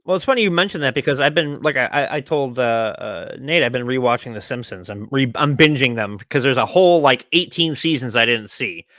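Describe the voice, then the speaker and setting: Podcast host guy, bright edgy voice, crude jokes, dry close sound. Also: medium pitch, expressive, fairly quick, hardly any pauses, no echo. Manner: blunt, crude joking. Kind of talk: casual podcast chat.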